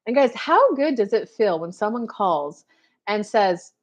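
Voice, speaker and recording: A woman's voice: medium pitch, big pitch swings, unhurried. A woman, a spiritual coach hosting a casual live show and chatting straight to her viewers with many fillers. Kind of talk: casual live-stream chat.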